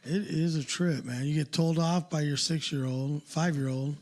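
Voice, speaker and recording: A man's voice: on the high side, fairly even intonation, normal speed, darkish tone. A man co-hosting a podcast in loose, profane casual chat, often laughing. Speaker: podcast co-host.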